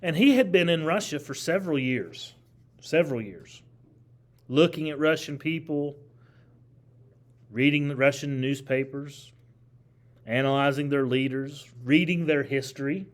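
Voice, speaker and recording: A man's voice: fairly high pitch, unhurried, pauses often. A man teaching a history class, lecturing animatedly, asking the class questions and repeating key phrases.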